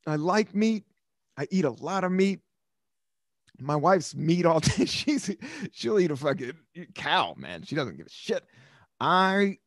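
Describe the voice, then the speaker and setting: A man's voice: sits high, no echo, clean studio sound. An American man in his fifties hosting a podcast, rambling through stories in a casual monologue, swearing freely and laughing often. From United States. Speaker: podcast host.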